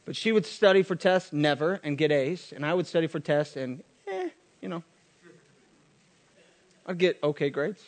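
A man's voice: on the high side, sing-song, moderate pace. A man preaching a sermon as a pastor, casual with joking asides.

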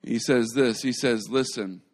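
A man's voice: lowish voice, normal speed. A man preaching a sermon in a conversational way, retelling stories animatedly and often restarting his phrases. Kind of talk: live sermon.

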